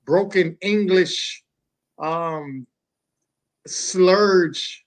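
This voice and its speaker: Co-host, a man, slow and earnest, slightly high voice. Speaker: podcast co-host. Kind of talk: casual podcast chat.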